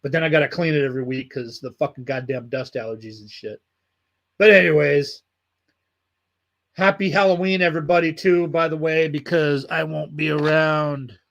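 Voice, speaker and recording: Guy hosting a livestream, swears constantly, super loose and chill, voice a bit on the high side. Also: fairly even intonation, normal speed, creaky, a bit bright, muffled recording. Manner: loose, heavily profane, laid-back. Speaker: livestream host. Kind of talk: casual livestream chat, reading viewer comments.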